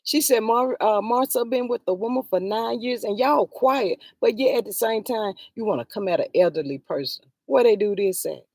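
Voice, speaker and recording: A woman talks straight at the people she is criticizing, scolding and exasperated, and sighs to the Lord between points. Her voice sits at an ordinary middle pitch. The sound is dry and close, with no room echo. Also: lively intonation, normal speed, hardly any pauses, darkish tone. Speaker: vlogger commenting on a reality show. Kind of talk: heated livestream commentary.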